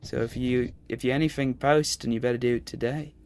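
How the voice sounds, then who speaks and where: A man's voice: mid-range voice, fairly even intonation, fairly quick, darkish tone, slight background noise, lightly acted. A man voicing a weary male postman from the underworld, using a shaky put-on accent and rambling.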